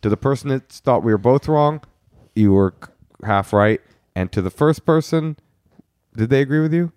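A man's voice: medium pitch, animated, moderate pace, darkish tone, clean tone, no echo, studio quality. A man co-hosting a podcast, playfully arguing his side and reading listener emails aloud. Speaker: podcast co-host. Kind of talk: casual banter.

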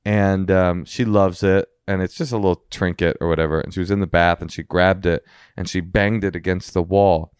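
A stand-up comedian co-hosts a podcast, rambling through stories with jokey, ironic asides in casual comedic chat on a close mic. His voice sits low with a steady, clean tone at normal speed, and there's no room sound.

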